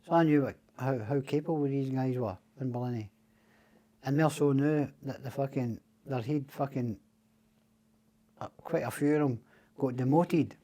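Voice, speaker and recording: A man's voice: medium pitch, mellow. A middle-aged Scottish man, a podcast guest, telling rambling, profane stories and acting out the other people's lines. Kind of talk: casual storytelling.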